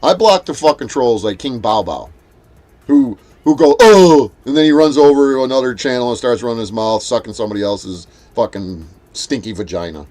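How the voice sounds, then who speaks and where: A man's voice: mid-range voice, fairly quick, darkish tone, soft background music. A man hosting a live stream, ranting at a rival and at trolls in a profane, confrontational, mocking way while greeting his chat. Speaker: livestream host.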